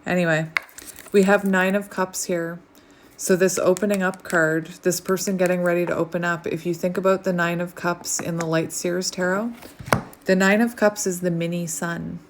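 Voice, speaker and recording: A woman talks through a tarot reading in a loose, rambling way, full of fillers and asides. Her voice sits fairly low and now and then sinks to a soft near-whisper. A faint background ambience hangs under the recording. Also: steady tone, normal speed, background noise. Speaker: tarot reader. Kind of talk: casual channeled tarot reading. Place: home, outdoors light fading.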